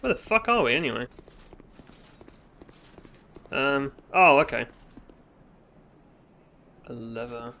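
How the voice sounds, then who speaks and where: A man's voice: medium pitch, sing-song, slow pace, gravelly, pauses often, pushed and bright. British man swearing through game commentary. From Britain. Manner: swearing, exasperated running commentary with sudden outbursts. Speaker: gaming YouTuber. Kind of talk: let's play commentary.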